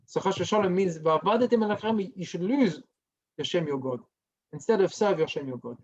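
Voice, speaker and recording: A male rabbi giving a Torah lesson as a story, lively and dropping to a hush for the dramatic parts. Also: on the high side, moderate pace, husky, muffled recording. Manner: animated storyteller who drops to a hushed tone for dramatic parts.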